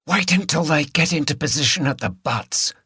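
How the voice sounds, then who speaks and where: A man voicing a fierce, defiant young woman hunt saboteur who shouts and curses. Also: a little high, expressive, normal speed, breathy edge, no room sound, studio quality, pitched above the performer's own voice, full character voice. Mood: hissing whisper. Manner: shouting, furious, cursing.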